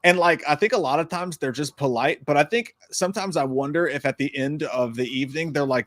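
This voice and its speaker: A man's voice: fairly high pitch, brisk, hardly any pauses, a bit bright, no echo, studio quality. A man co-hosting a livestream, musing loosely with crude jokes and lots of fillers. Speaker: livestream co-host. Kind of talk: casual comedic banter.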